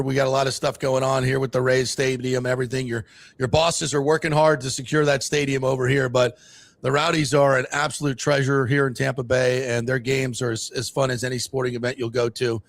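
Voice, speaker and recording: A man hosting a sports talk show, rambling through casual chat. His voice has a gravelly edge and sounds close and dry in the studio. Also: mid-range voice, no echo. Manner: rambling, chatty, frequent fillers.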